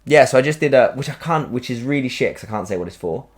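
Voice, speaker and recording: A man, hosting a podcast and telling a story in a casual, animated way, acting out quotes and swearing freely. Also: medium pitch, fast. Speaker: podcast host. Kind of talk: casual chat.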